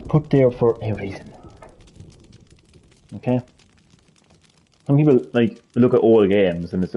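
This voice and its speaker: A man's voice: medium pitch, measured pace, long pauses, highs cut off. A man live streaming a heated gaming rant, swearing a lot and repeating his points with emphasis.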